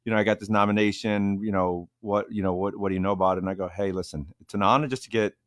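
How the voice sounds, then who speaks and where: Low-voiced man in sports banter. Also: fairly even intonation, fast talker, no room sound. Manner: chatty, repeats "listen" and "you know". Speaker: co-host. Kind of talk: casual sports talk.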